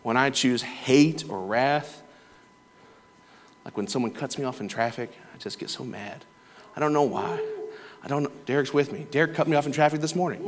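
A man's voice: medium pitch, fairly quick, slight background noise. Man, lay preacher, earnest conversational sermon, church, long hall reverb. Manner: earnest, conversational, with quoted voices and laughter. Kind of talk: sermon with personal stories.

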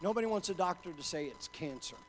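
A man preaching a sermon with passion, dropping to a hush and then building up to shouts. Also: sits high, lively intonation, fast, slight background noise. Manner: impassioned, swings from hushed to shouting. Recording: hall reverb with faint ambience.

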